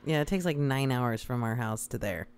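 A woman's voice: very deep voice, normal speed, a little mellow, clear, resonant tone. A woman hosting a casual chat who adds short reactions and teasing jokes.

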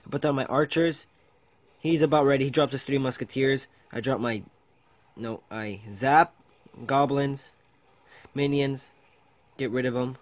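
A man's voice: mid-range voice, fairly even intonation, a little slow, long pauses, no room sound, rough recording. Dry-voiced man chatting through a game replay. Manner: chatty play-by-play with frequent ums and self-quotes. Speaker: video host. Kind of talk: casual gameplay commentary over a replay.

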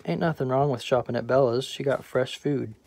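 A man's voice: medium pitch, a little fast, creaky. A man voicing a patient, grounded middle-aged wife who answers matter-of-factly, in a play audiobook. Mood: chiding. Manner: matter-of-fact, gently scolding.

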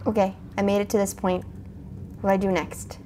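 A woman playing a spooky video game, chatting to her viewers in a jumpy, excitable way. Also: medium pitch, brisk, a little hiss or hum. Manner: jumpy, chatty, talks to viewers, frequent gasps and exclamations. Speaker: gaming video host. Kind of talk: let's play commentary.

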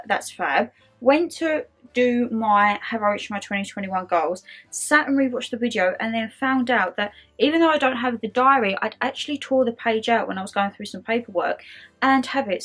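A woman's voice: on the high side, fairly bright tone. Chatty woman vlogging at home. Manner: chatty, rambling storytelling with lots of "like". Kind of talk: casual vlog chat.

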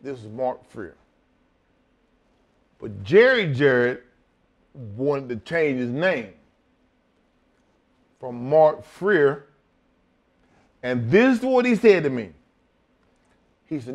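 A man's voice: mid-range voice, very animated, slow, pauses often, dull audio. A middle-aged man telling a story in a casual interview, profane and laughing, acting out both sides of each exchange. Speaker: wrestling guest telling stories.

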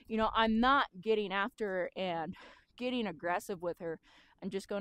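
Woman, horse trainer, calm explaining voice, mid pitch, outdoor demo. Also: normal speed, slight background noise. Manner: calm, explanatory, talks to the horse as she works.

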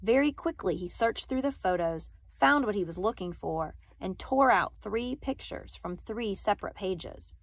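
A woman reading a novel aloud, careful and steady, with occasional small slips she corrects. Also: mid-range voice, a little slow, few pauses, dry recording. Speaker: reader.

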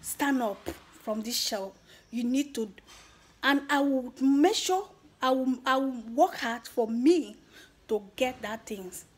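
A woman's voice: high voice, slow pace. A woman with a Nigerian accent giving her viewers an earnest motivational talk, slipping into Pidgin phrases. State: emotional, near tears at the end. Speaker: YouTuber.

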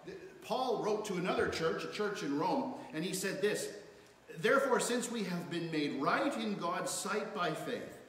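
A man's voice: high voice, lively intonation, unhurried, fairly bright tone. A man preaching a sermon as pastor, reading scripture aloud with rising emphasis. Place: church sanctuary. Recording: echoey church hall, faint room noise.

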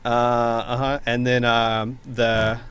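A man's voice: medium pitch, level tone, slow pace, fairly bright tone, clear, resonant tone. A man running a tabletop role-playing game as game master, chatting casually with fillers and frequent laughs.

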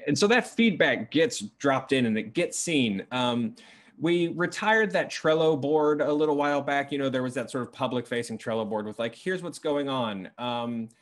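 A man's voice: medium pitch, expressive, moderate pace. A man co-hosting a developer update stream, joking and rambling with lots of fillers. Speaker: co-host of a dev update stream. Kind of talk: casual stream chat.

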